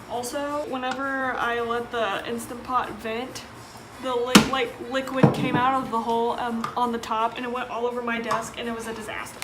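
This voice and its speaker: A woman's voice: sits high, very noisy. A young woman in college filming a casual cooking vlog, chatty and self-deprecating, often exasperated at her own mishaps. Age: young adult. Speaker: college student vlogger. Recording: echoey room with clattering dishes.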